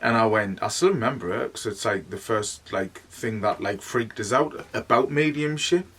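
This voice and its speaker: A man's voice: on the low side, moderate pace, fairly bright tone, breathy edge, distant mic. Chatty Northeast English man. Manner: rambling, chatty, full of "like". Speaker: medium. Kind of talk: casual storytelling monologue.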